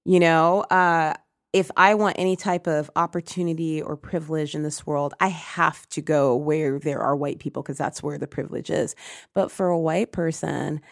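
Animated Caribbean-born woman, lowish voice. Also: moderate pace, no room sound, studio quality. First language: Spanish. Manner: animated storyteller, laughs often. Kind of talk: casual conversation.

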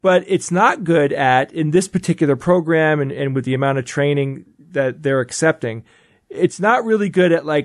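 A man's voice: on the high side, normal speed, no room sound. Upbeat man with a dry, close sound. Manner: enthusiastic, explanatory, frequent restarts. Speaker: podcast co-host. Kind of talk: casual panel chat.

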